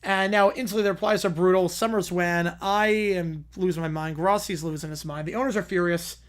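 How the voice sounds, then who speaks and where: A man's voice: sits high, fairly even intonation, brisk. A man hosting a livestream who reads a chaotic fan story aloud and keeps breaking off to comment and laugh. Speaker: livestream host.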